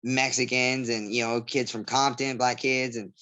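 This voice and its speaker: An MMA fighter from Southgate, California, chats casually as an interview guest, rambling through stories and imitating voices. His medium-pitched voice stays fairly flat at a moderate pace, with a bright, forceful tone.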